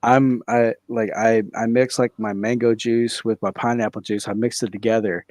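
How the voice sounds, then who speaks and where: A man's voice: on the low side, flat delivery, darkish tone, no room sound, studio quality. A young man co-hosting a comedy podcast, telling rambling stories full of restarts and fillers. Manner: halting, many restarts and 'like'. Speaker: podcast co-host.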